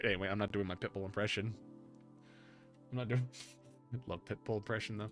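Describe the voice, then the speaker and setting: Bright-voiced excitable male streamer. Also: on the low side, soft background music. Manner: excitable, rambling, quick to laugh. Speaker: streamer host. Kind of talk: casual stream chat.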